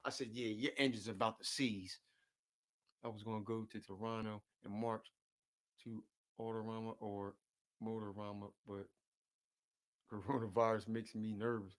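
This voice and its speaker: A man's voice: lowish voice, flat delivery, moderate pace, pauses often. A man casually chatting with his viewers in loose slang, repeating his words, jumping between topics and often chuckling as he talks. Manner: often chuckles while talking. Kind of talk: casual chat.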